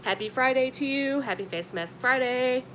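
A woman's voice: normal speed, fairly bright tone. Chatty woman live-streaming. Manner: chatty, affectionate, calls viewers honey and sweetie. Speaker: live-stream beauty vlogger. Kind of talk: casual live-stream chat greeting viewers. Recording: noisy with low rumble.

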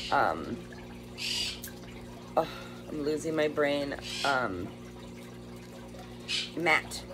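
Slow-talking gushing woman, noisy room. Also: low voice. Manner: gushing, talks to her birds. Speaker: bird rescue vlogger. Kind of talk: casual unboxing chat. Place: home with pet birds.

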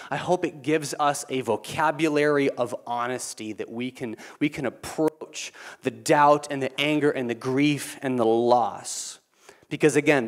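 A man preaching a sermon in a casual, conversational way, swinging between loud emphatic lines and quiet, low asides. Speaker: pastor.

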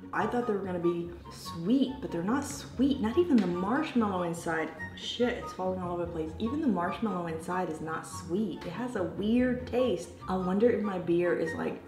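A woman's voice: mid-range voice, echoey room. A woman with an American accent hosting a casual taste-test vlog, chatting straight to her viewers. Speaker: vlogger.

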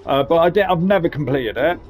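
A man's voice: a little high, animated, a little fast, soft background music. A man hosting casual gameplay commentary, chatty and jokey with rambling asides. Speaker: gaming channel host.

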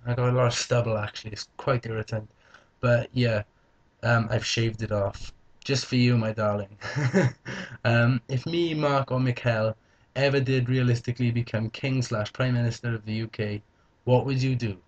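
Fielding viewer questions with a joking, playful edge, this young man vlogs at a moderate pace with fairly even intonation. His pitch sits at a typical middle range for a man, and the audio comes across slightly dull and lo-fi.

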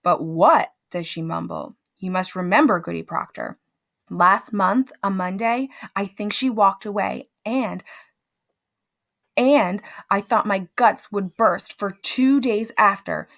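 A woman's voice: mid-range voice, slow pace, gravelly, fairly bright tone. A woman reading as an anxious young servant girl. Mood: pleading. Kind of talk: dramatic reading aloud.

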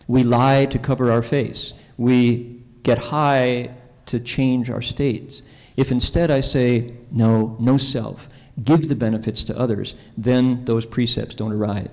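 A male Buddhist monk speaks at a conference, casual and conversational, often turning to the audience with questions. His voice sits at an ordinary middle pitch. Long reverb from a large convention hall hangs on every word. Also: darkish tone. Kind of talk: conference Dharma talk with storytelling.

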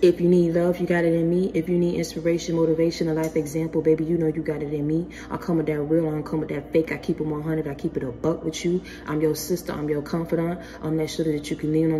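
Deep-voiced woman giving a spiritual pep talk. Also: little pitch movement, fast, warm tone, slight background noise. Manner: earnest, slangy, calls listeners baby. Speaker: spiritual motivational speaker.

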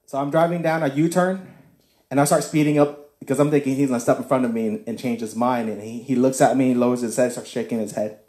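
Animated man telling a testimony, echoey. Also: mid-range voice, fast talker. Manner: acts out dialogue with shifting voices.

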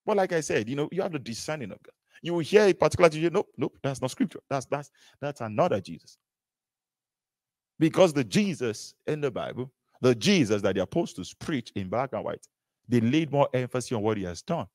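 A man delivers a sermon with animated, repetitive emphasis and frequent rhetorical questions. His pitch rises and falls widely as he presses each point. The sound is dry, with no room echo. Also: brisk. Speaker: preacher.

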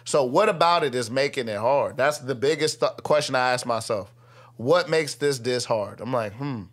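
A man's voice: mid-range voice, moderate pace. A young man, a podcast guest, telling a story in slangy casual speech and acting out what others said in raised voices. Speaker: guest, rapper and army veteran. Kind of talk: animated storytelling. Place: podcast studio.

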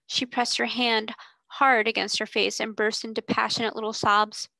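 Female narrator, steady read-aloud storytelling, some vocal fry. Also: on the high side, normal speed, no echo, rough recording. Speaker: tutor reading aloud.

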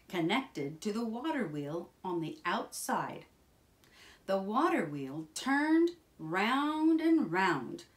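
A woman reading a children's picture book aloud in a slow, expressive, sing-song way. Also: medium pitch. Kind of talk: children's storybook read-aloud.

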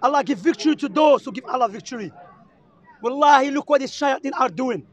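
A street preacher with an Arabic accent argues heatedly with a crowd in a public park, pressing and repeating his points with passion. He speaks briskly in a very high, expressive, slightly bright voice, and the recording is muffled.

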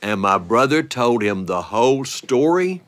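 A man performing a playful family story for listeners, animated and often breaking into laughter. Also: medium pitch, measured pace.

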